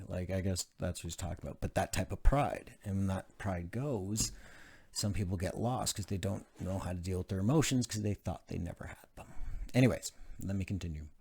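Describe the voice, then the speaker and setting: A man's voice: low-pitched, brisk, vocal fry, darkish tone, slightly rough. A man reading aloud from a book, with casual asides and frequent fillers. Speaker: channel host reading a self-help book.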